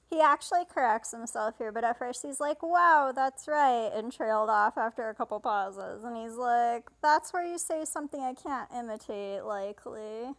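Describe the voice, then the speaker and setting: Young woman, high voice, casual let's play, retells game lines, reads punctuation aloud, laughs a lot. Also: normal speed. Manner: paraphrases characters with "she's like", reads punctuation aloud, laughs often. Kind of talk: casual live translation and retelling of game dialogue.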